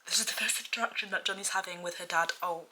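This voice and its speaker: A woman book vlogger talking casually about her reading, animated and exasperated, often dropping to a whisper and giggling. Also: on the low side, quick pace.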